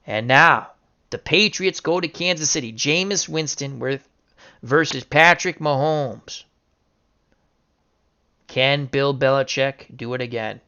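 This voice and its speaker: A man giving casual play-by-play commentary on simulated football games, excitable and bursting into shouts over big upsets. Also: medium pitch, takes it slowly, pauses often, clean tone. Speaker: video game sim commentator.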